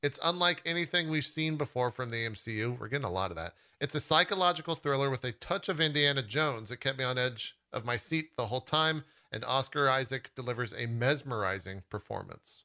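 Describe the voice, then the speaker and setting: Bright-toned man reading podcast reviews. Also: medium pitch, lively intonation, fairly quick, hardly any pauses. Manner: easygoing, laughs often. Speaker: podcast co-host. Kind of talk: casual podcast chat, reading reviews aloud.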